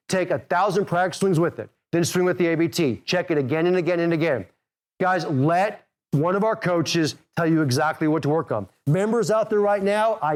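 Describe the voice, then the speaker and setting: A middle-aged man coaching golfers in an energetic, direct way. He talks quickly, pushes his listeners, and checks in with "okay?" again and again. His voice sits high for a man. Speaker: golf instructor and podcast host.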